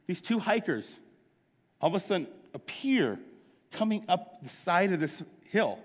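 A middle-aged man preaching a sermon, telling a story with lively acted-out dialogue. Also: high voice. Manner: animated storyteller, acts out the dialogue. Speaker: pastor. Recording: long hall reverb.

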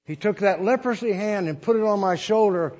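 A man's voice: high-pitched, brisk, darkish tone, lo-fi sound. An older man, a missionary preacher, telling a story in a folksy, rambling sermon with restarts and chuckles.

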